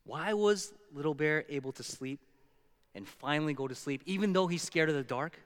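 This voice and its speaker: A man's voice: on the high side, expressive, normal speed, smooth. Man preaching in a reverberant hall. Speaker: pastor. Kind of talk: sermon.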